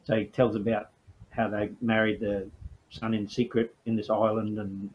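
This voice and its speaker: A man's voice: lowish voice, level tone, normal speed. A man, narrating a tabletop game in a chatty, casual way. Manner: chatty, laughing between lines. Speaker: game master and player. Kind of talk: casual solo role-play narration. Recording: slightly dull, faint hiss.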